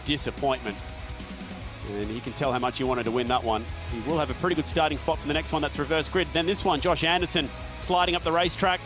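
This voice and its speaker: A man commentating a sim racing event in a chatty, energetic way. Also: on the high side, fast, music in the background. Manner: energetic, chatty, laughs often. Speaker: esports race commentator. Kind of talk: sports commentary.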